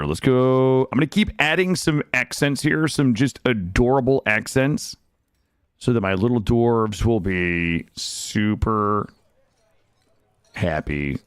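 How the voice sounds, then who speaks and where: A man's voice: medium pitch, smooth, no echo, studio quality. A young man casually commenting on his game for viewers, cursing freely and chatting to his audience. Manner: animated, swearing, chatting to viewers. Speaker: streamer. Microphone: studio desk mic.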